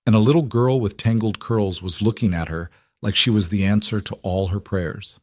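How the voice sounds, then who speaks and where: Low-voiced male audiobook narrator. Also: fairly even intonation, normal speed, no echo, studio quality. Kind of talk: scripted narration.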